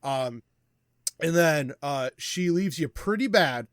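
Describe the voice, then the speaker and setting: A man's voice: a little high, slow, no echo. Een man als spelleider van een rollenspel. Zijn stem is iets hoger dan gemiddeld en klinkt droog en dichtbij, zonder galm. Hij vertelt ontspannen en legt de regels uit, met veel 'uhm'. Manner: relaxed, explanatory, with many fillers. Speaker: game master. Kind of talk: narrating a tabletop wrestling game.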